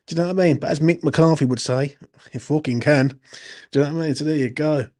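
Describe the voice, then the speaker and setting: A man's voice: on the high side, very fast, warm tone. A young man hosting a late-night football fan live stream, ranting bluntly and swearing heavily as he reads viewer comments. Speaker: host of a football fan channel.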